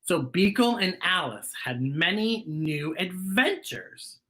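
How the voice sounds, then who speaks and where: Breathy, expressive woman reading to kids. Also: lowish voice, slow pace. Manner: expressive, asks the young listeners questions, drops to a whisper. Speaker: children's storytime host. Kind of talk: picture-book read-aloud for children.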